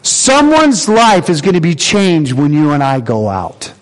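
A man preaching in a church, with a high voice that swings widely from line to line. His sermon acts out the voices of God and of his listeners, and he drives short phrases home by repeating them. The sound carries a long hall reverb. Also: wildly swooping pitch, unhurried. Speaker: pastor. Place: church sanctuary.

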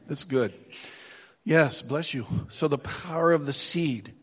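A man preaching a sermon in an earnest, conversational way that builds into emphatic exhortation, with a gravelly voice. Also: on the high side, takes it slowly, a bit bright. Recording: long hall reverb.

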